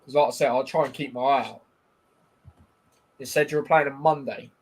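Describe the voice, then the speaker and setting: A man hosts a football watchalong live, speaking fairly quickly in a steady, medium-pitched voice with a breathy edge. He chats casually and rambles, bantering with many fillers while commenting on the match as it goes.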